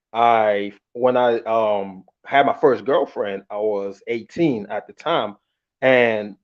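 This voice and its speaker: A man telling a long personal story in a casual, candid and animated way, acting out the quotes. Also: mid-range voice. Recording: muffled lo-fi audio.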